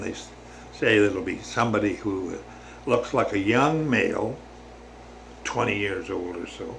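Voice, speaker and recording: A man giving a slow, halting, casual spiritual reflection to his viewers, with many pauses and restarts. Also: on the low side, vocal fry, a bit bright, slight background noise. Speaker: religious vlogger.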